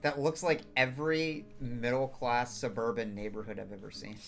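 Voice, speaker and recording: A man's voice: mid-range voice, steady tone, normal speed, gravelly. A man co-hosting a casual podcast from his home, giving short, dry replies and swearing now and then. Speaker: podcast co-host. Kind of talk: casual chat over a call. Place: home in Pennsylvania.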